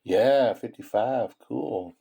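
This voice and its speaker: A man's voice: mid-range voice, slow pace, creaky, mellow, slightly rough. A man hosting a coin-hunting video, chatting casually with viewers in a folksy way while sorting pennies. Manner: folksy, chuckles often, addresses viewers as folks. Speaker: coin-roll hunting channel host. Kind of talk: casual chat while searching coin rolls.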